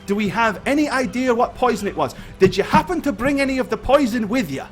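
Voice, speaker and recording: A man's voice: very high-pitched, lively intonation, fast talker, faint music behind, voice pushed up. A man voicing a flustered, kindly middle-aged priest who speaks in urgent, fussy bursts.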